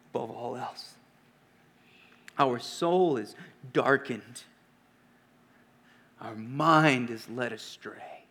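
A man preaching a sermon in an earnest, questioning way, often dropping to hushed emphasis. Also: mid-range voice, gravelly, breathy edge.

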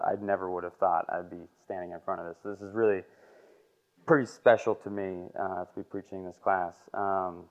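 A man in his twenties giving a halting, emotional personal testimony as a lay preacher in a church classroom. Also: low voice. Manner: halting, emotional, filler-heavy. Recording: muffled lo-fi recording.

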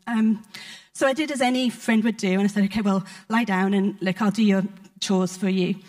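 A woman preaching in church, telling a personal testimony in a heartfelt, conversational way with frequent pauses. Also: mid-range voice, steady tone, a little mellow. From United Kingdom. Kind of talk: sermon storytelling.

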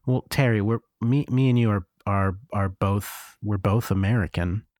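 A man's voice: lowish voice, fairly even intonation, normal speed, a little mellow, no echo, studio quality. A man from Scranton, Pennsylvania, co-hosting an improvised comedy podcast, teasing and needling his partner. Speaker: podcast co-host.

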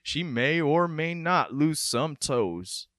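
A man puts on an old-fashioned country doctor with a slow Southern drawl, marveling at what he has seen. The voice sits at an ordinary pitch but swings widely. The sound is close and dry, with no room behind it. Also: big pitch swings, a bit bright, no room sound, full character voice. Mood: amazed. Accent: put-on Southern US. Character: rural male small-town doctor, amazed.

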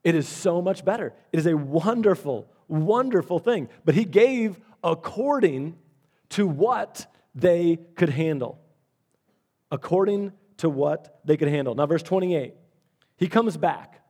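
A man's voice: a little high, expressive, measured pace, a little mellow. A male pastor preaching a sermon, telling stories and repeating his key phrases. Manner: storytelling with acted-out quotes, repeats key phrases.

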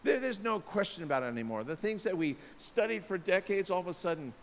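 A man preaching a sermon, animated, acting out the voices of the people he describes. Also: sits high, fast. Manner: animated, acts out voices of people, jokes aside. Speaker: pastor. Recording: long reverb, faint hiss.

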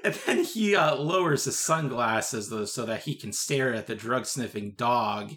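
A man's voice: mid-range voice, expressive, a little slow, a bit bright, a little hiss or hum. A man co-hosting a casual movie podcast, adding wry quips and jokey asides. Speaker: podcast co-host. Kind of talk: casual movie recap chat.

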